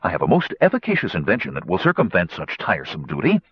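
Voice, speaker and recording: A man's voice: low voice, huge pitch swings, quick pace, slightly rough, dry recording, dull audio, pitched below the performer's own voice, full character voice. A man voicing a pompous, fussy male gnome inventor who talks in grand, wordy phrases, as an audiobook character voice. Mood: eager.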